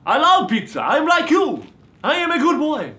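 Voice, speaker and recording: A man puts on a full character voice far above his natural register, extremely high with huge swings in pitch, at a normal pace. He plays a campy male vampire who claims to be a reformed beach boy, hammy and boastful, theatrical and prone to sudden shouts. It's a comedy sketch.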